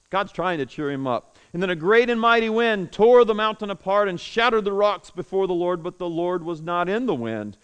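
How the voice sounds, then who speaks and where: A man preaching a sermon to a congregation in a room, telling the story with animated swings between loud declaiming and hushed tones. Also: sits high, brisk, few pauses, clean tone. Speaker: pastor.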